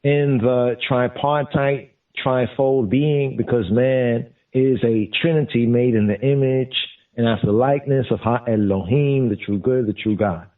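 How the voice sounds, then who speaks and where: A man teaching scripture in a deliberate way, repeating and glossing each term as he goes. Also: mid-range voice. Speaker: Bible teacher. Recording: distant, phone-like lo-fi sound.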